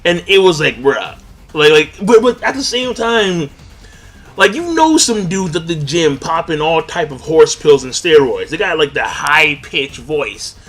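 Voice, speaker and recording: Animated, rambling young man reviewing anime. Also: a little high, a little slow, faint music behind. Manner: rambling, animated, lots of filler words and slang. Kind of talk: casual recap commentary.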